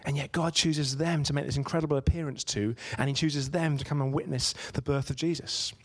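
A man preaches in an easy, conversational way, mixing personal stories with rhetorical questions to his listeners. His voice sits a touch higher than most men's. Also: steady tone, fairly quick. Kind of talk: sermon.

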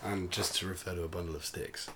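Low-pitched man, dry low-key humor, casual podcast co-host. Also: level tone, fast talker, a bit bright, a little hiss or hum. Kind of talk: casual chat.

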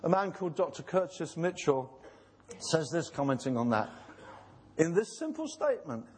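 Impassioned preacher man, lively pitch. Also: moderate pace. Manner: impassioned, pleading, acts out voices in retold scenes. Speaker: pastor. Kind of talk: sermon.

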